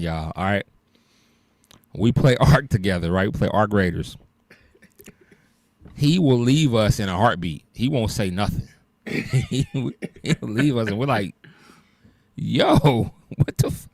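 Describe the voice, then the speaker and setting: A man's voice: lowish voice, sing-song, measured pace, pauses often, darkish tone, no echo. A man co-hosting a podcast, chatting casually in a loose storytelling way and laughing often. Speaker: podcast co-host. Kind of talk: casual chat.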